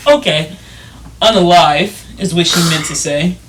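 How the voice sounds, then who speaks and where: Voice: mid-range voice, measured pace, background noise. A young podcast co-host chatting casually and retelling stories with quoted lines. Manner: expressive, retells scenes in quotes. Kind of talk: casual chat.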